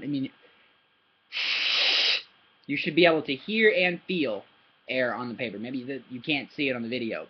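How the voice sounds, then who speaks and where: A husky, medium-pitched man tutors a child in German, recorded with dull audio. His casual lesson is patient: words get repeated, "yeah?" comes up often, and he shows sounds with paper and his hand.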